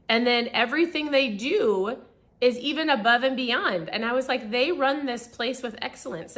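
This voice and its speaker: A woman in her forties, hoarse and raspy, chatting upbeat and motivational as host of a live stream. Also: on the high side, sharp tone. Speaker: podcast host. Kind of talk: casual live-stream chat.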